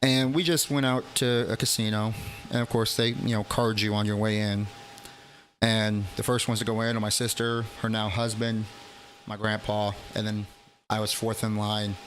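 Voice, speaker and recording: A man's voice: on the low side, level tone, normal speed, a bit bright, slight background noise. A man casually telling stories from his own life, blunt and profane, laughing at his own jokes. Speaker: storyteller. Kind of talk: casual storytelling.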